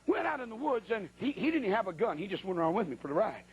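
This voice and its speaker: A man's voice: high-pitched, big pitch swings, fast, husky, highs cut off. A man preaching in a church, telling a folksy, colloquial story as part of a sermon. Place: church at a pulpit.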